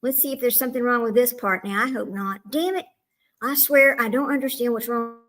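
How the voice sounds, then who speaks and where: Woman livestream host, higher-pitched, chatty, talks straight to viewers, mutters asides. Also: brisk, fairly bright tone. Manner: flustered with tech, muttering asides. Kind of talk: casual livestream chat. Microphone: small microphone.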